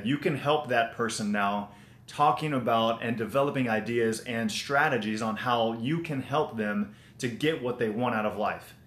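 A man's voice: medium pitch, fairly bright tone. A man hosting a casual live stream, giving life tips, greeting viewers by name and often repeating himself. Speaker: motivational livestream host. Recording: roomy echo.

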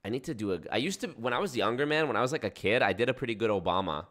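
A young man hosting a casual livestream, reacting to chat in a profane, animated way. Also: medium pitch, very fast. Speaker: livestream host.

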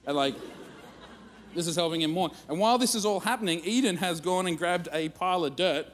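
A man preaching at church, telling a funny family story in an animated, self-mocking way. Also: high-pitched, brisk. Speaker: guest speaker. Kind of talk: storytelling sermon. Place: church auditorium. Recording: long reverb of a church hall.

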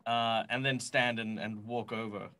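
A man's voice: medium pitch, level tone, measured pace, pushed and bright. A man playing a tabletop game who describes his character's actions with hesitations. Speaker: player. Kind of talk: tabletop role-play.

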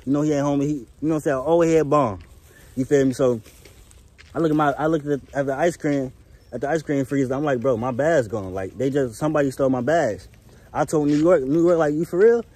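A man's voice: mid-range voice, brisk, darkish tone. A young man, telling a story to camera in a rambling, laid-back way with many restarts and "you feel me" checks. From Chicago. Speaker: vlogger. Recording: faint background noise.

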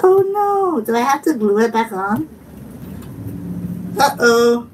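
Here a woman with a fairly high voice speaks slowly while casually chatting on her stream. Giggling frequently, she addresses viewers and reads their chat aloud, recorded on a distant mic with faint background noise.

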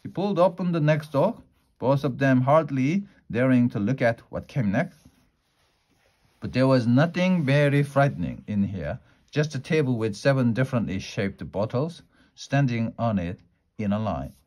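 Man slowly reading a storybook aloud. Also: medium pitch, animated, a little mellow. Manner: unhurried, with small slips and restarts.

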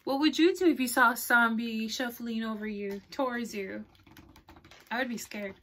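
A woman's voice: on the high side, normal speed, fairly bright tone, slight background noise. Woman librarian reading aloud to kids. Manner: chatty, asks listeners questions and laughs often. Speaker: children's librarian. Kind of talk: reading a picture book aloud to children.

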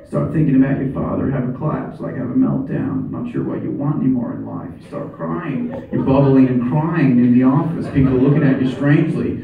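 A man voicing a rambling, fervent older preacher with a put-on American accent, preaching in bursts and shouts in a stand-up bit. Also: medium pitch, very animated, fairly quick, vocal fry, few pauses, narrow, tinny audio. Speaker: stand-up comedian. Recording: echoey club, distant mic, loud room noise.

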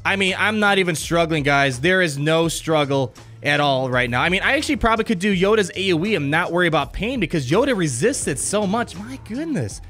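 Excitable high-voiced man gaming commentary. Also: fairly quick, faint music behind. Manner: enthusiastic, exclamatory, rambling with restarts. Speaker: gaming YouTuber.

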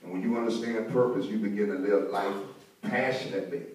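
A man's voice: on the low side, steady tone, fairly quick, darkish tone, distant mic. A male pastor preaching a sermon in a church, rhythmic and calling for responses from the congregation. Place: church sanctuary. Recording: echoey church hall, mic from afar.

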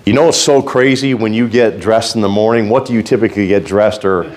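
Fervent, folksy male preacher, lowish voice. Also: steady tone, brisk. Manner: fervent, folksy preaching that swings from low, quiet asides to loud exhortation. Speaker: pastor. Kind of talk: sermon.

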